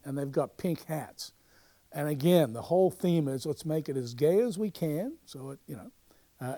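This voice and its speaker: Speaking a little high, this local theatre society historian provides narration over show footage. His manner is conversational and stop-start, with plenty of fillers and false starts, growing lively as he spins a tale.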